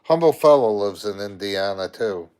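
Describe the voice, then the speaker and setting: A man's voice: on the low side, animated, moderate pace, darkish tone. An older man co-hosting a casual livestream, joking and teasing in easy chat. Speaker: co-host.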